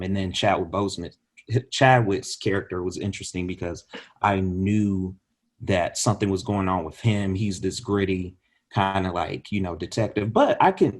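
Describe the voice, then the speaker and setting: A man co-hosting a podcast, talking casually about a movie and acting out his own reactions. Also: low voice. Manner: relaxed, storytelling, acts out his own reactions. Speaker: podcast co-host.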